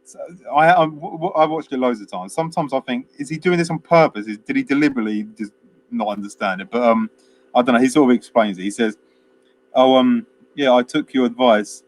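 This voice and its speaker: A man's voice: medium pitch, fairly quick, a little hiss or hum. A man, chatting casually as a podcast co-host and retelling film scenes at length with many fillers. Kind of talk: casual film review chat.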